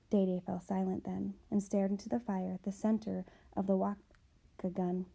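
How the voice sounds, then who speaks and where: Woman audiobook reader, steady expressive narration. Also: mid-range voice, moderate pace, vocal fry.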